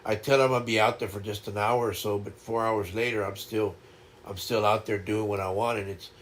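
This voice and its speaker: An older man hosting a casual livestream chat, talking in a reflective, halting way and often repeating words as he starts over. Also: lowish voice, steady tone, slight background noise. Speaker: livestream host.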